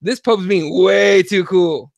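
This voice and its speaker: A young man co-hosting a podcast, talking casually in an animated, profane way and acting out quotes. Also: high-pitched, slow pace, gravelly, dry recording. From Mexico. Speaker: podcast co-host. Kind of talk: casual opinion chat.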